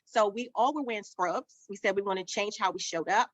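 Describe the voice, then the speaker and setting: A woman's voice: mid-range voice, a little fast, no echo. A woman, a childcare business owner, telling her story as a summit guest and acting out the dialogue in it. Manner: lively storyteller who acts out quoted dialogue. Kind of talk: storytelling interview answers. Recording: dull lo-fi dry sound.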